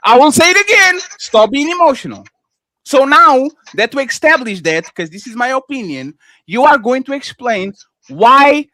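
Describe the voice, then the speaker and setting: Heard in a dry, clean studio recording, this man's very high, bright voice is pushed and sing-song at a moderate pace. A non-native English speaker co-hosting a live panel, he argues heatedly and keeps interrupting, repeating "sir" and "stop being emotional."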